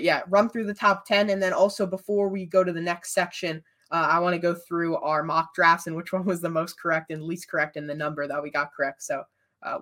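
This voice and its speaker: A woman's voice: low-pitched, a bit bright. A woman co-hosting a casual sports podcast, blunt and heated in her opinions. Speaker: podcast co-host.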